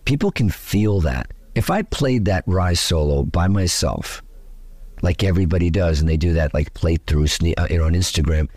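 A middle-aged man, a guitarist, talking excitedly in a casual interview and acting out the voices of people he quotes. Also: deep voice, moderate pace, dry recording. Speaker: guitarist interviewed after a festival gig. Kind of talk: animated casual interview talk.

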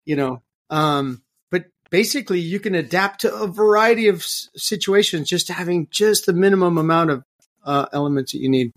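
A man talking in a conversational interview, lively and given to repeating words as he searches for a phrase. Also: high voice, moderate pace. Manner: animated, voices other people in anecdotes. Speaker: podcast guest.

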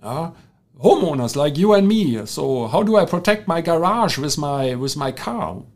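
A German-accented engineer hosting a podcast, middle-aged. His voice sits a little high for a man. He talks in a halting, unscripted way, stopping and restarting often with plenty of fillers. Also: animated. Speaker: podcast host, flood protection engineer. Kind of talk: casual monologue.

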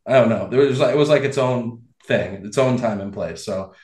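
A man hosting a casual sports podcast, animated and quick to laugh, with frequent restarts. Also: mid-range voice. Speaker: podcast host. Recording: roomy echo.

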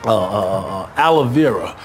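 A man's voice: lowish voice, animated, moderate pace, a little hiss or hum, close to an everyday voice. A man voicing a fussy, chatty character fixated on hand lotion, in a comedy sketch. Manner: chatty, fussy, rambling with hesitations.

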